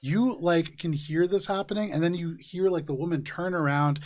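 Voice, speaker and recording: A man's voice: on the high side, moderate pace, darkish tone. A man running a tabletop game, narrating casually with many fillers. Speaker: game master.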